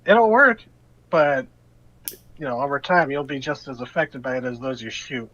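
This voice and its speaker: A man voicing a brisk female soldier with a prosthetic arm, in a matter-of-fact, wry manner. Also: medium pitch, a bit bright, no room sound, dull audio, lightly acted. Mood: dry.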